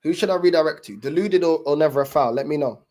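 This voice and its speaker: A man's voice: a little high, fast talker, a little mellow. Streamer, young man, easygoing slangy chat to viewers. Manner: laid-back slang-heavy talk with many fillers. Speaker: livestream host. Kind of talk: casual livestream chat.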